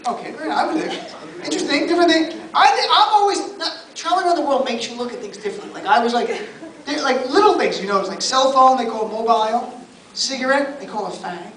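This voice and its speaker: A man's voice: extremely high pitch, quick pace. A man from New Jersey doing a stand-up set, chatting with the audience and firing off mock-exasperated asides. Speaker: stand-up comedian. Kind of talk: stand-up comedy set with crowd work. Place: comedy club stage, live audience. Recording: roomy club sound from a distance, loud crowd and noise. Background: audience laughter and chatter.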